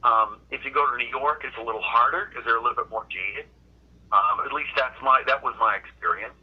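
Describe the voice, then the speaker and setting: Husky middle-aged man from Boston. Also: medium pitch, fairly quick, phone-quality sound. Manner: rambling storyteller, frequent restarts. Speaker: guest comedian. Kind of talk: casual interview chat.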